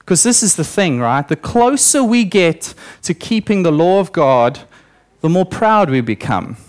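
A man's voice: high-pitched, very animated, a little slow. A young male preacher giving a sermon in church, telling stories with acted-out quotes and voices.

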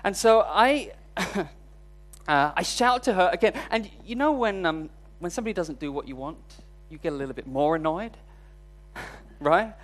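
A man's voice: high voice, expressive, moderate pace. A man preaching a sermon, telling a personal story in a candid, self-deprecating way. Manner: storytelling, voice rising when recounting frustration.

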